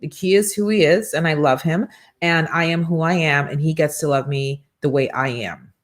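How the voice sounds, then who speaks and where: A middle-aged woman hosting a morning livestream show, giving an energetic, preachy motivational talk and acting out little quoted exchanges. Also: deep voice, moderate pace.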